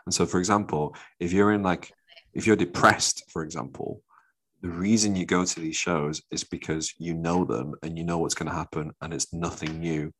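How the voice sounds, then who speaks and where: A very low-pitched man talks casually with his co-hosts. He slips in dry, deadpan jokes and teasing asides. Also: moderate pace, breathy edge. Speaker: podcast co-host. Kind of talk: casual chat on a call.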